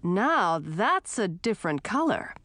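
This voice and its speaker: A woman's voice: medium pitch, big pitch swings, takes it slowly, fairly bright tone, no echo, exaggerated voice. A woman voicing a tournament herald who speaks in a matter-of-fact, lightly teasing way. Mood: amused. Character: wry, unbothered male tournament herald.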